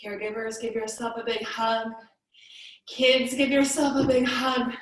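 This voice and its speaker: A woman teaching a kids yoga class in a playful, sing-song way, with drawn-out phrasing. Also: fairly high pitch, steady tone. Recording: echoey room, voice from a distance.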